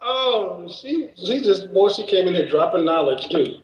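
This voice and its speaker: Man streaming casually, jokey and profane, high voice, roomy echo. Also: expressive, a little slow. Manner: joking, laughing often, profane banter. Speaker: streamer host.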